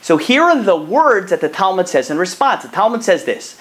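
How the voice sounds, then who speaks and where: A young man giving a short video Torah talk as a rabbi, animated and conversational, with plenty of rhetorical questions. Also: high-pitched, moderate pace, hardly any pauses. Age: young adult.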